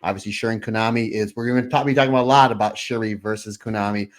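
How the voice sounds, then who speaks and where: A man co-hosting a podcast over a remote link, telling anecdotes in a lively, laughing, casual chat. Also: on the low side, rapid-fire. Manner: animated anecdotal storytelling with laughs. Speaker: podcast co-host.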